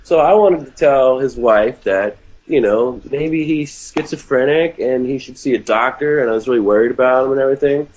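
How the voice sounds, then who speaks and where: A man's voice: medium pitch, moderate pace, hardly any pauses. Rambling, foul-mouthed male storyteller. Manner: rambling and profane, with lots of fillers; animated, raising his voice for other people's lines. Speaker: podcast guest. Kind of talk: casual storytelling. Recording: slightly dull lo-fi sound.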